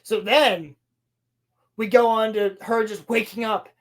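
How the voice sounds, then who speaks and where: A woman's voice: fairly high pitch, a little slow. A woman co-hosting a podcast, recapping a show in a sarcastic, profane, exasperated way and acting out the characters' lines. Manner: animated storytelling with acted-out quotes. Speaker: podcast co-host.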